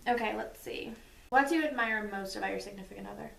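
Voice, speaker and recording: A woman's voice: medium pitch, quick pace, gravelly, far from the mic. A woman in her twenties chatting casually in a couple's question-and-answer video, telling stories with lots of "like" and frequent laughs. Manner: chatty, giggly storyteller, lots of "like". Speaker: vlogger. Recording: echoey room, away from the mic.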